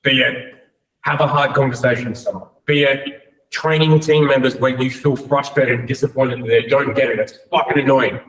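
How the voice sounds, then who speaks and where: A man's voice: medium pitch, steady tone, moderate pace, a bit bright. A man coaching a room of people, talking bluntly with lots of swearing and frequent "right?" and "like". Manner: blunt and profane, many "right?" and "like". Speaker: business coach. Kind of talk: motivational talk to a room. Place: room with an audience. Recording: echoey room, mic at a distance.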